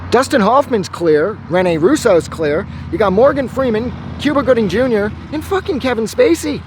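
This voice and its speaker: A man's voice: sits high, a little hiss or hum. A man from Quebec giving a casual, rambling movie review outdoors, swearing often and enthusiastic. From Quebec, Canada.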